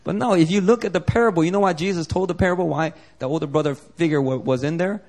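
A young pastor preaches a sermon fast and casually, climbing to emphatic peaks before dropping soft and low.

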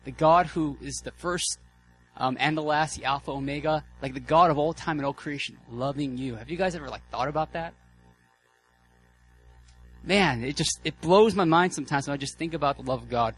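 A man preaching a sermon as a guest speaker, casual and excitable, with many fillers and restarts. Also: fairly high pitch, brisk, poor audio. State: out of breath.

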